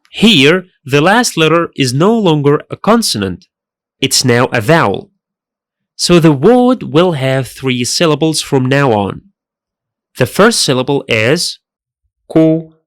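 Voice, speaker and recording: A man's voice: fairly high pitch, no room sound, clean studio sound. A man teaching a pronunciation lesson in careful scripted narration, repeating each sound twice. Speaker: language teacher.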